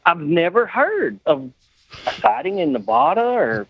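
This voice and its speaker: Guy telling a story and doing everybody's lines, kinda high voice, dull dry recording. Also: brisk, dry recording. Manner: animated anecdote teller acting out quoted dialogue. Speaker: guest, custom car builder. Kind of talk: casual storytelling.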